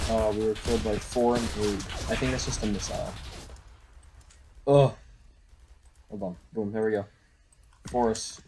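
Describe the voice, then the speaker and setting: A young man giving excitable live commentary while playing a shooter game at home on a desktop microphone. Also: fairly low pitch, normal speed, pauses often, husky. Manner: excitable, reactive, frequent exclamations. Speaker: gaming YouTuber.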